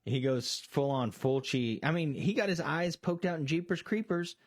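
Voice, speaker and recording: A man's voice: fairly high pitch, normal speed, crowd noise. A man co-hosting a casual movie discussion, retelling scenes with lots of swearing and quoted voices. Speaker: podcast co-host.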